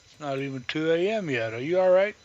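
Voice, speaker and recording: A man's voice: on the high side, animated, brisk, a little mellow, muffled recording. A man co-hosting a live stream in casual chat, asking short questions and giving brief agreeing replies.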